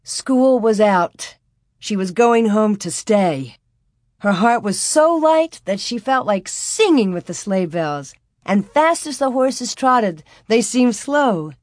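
A woman narrating a storybook in a calm, measured and expressive way. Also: medium pitch, no echo, studio quality. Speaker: audiobook narrator.

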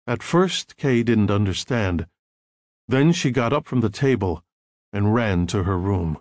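Expressive male audiobook narrator. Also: lowish voice, measured pace, no room sound, studio quality. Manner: expressive storytelling.

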